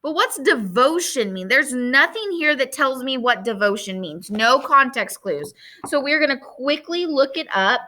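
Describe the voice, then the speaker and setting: Woman reading a chapter book out loud to kids, bright voice, super lively, stops to chat and explain words. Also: high voice, unhurried. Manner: expressive, chatty asides to listeners. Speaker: teacher reading aloud. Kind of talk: reading a novel aloud with commentary.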